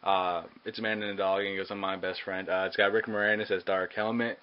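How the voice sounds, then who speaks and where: A man's voice: lowish voice, flat delivery, quick pace. A man giving a casual movie review, hesitant and full of ums and uhs. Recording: dull lo-fi recording with faint hiss.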